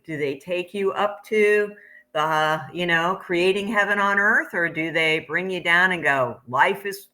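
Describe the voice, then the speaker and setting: A woman's voice: lowish voice, pushed and bright. A woman from Pennsylvania telling stories in a rambling, thoughtful way as a spiritual teacher in casual chat. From Pennsylvania, United States.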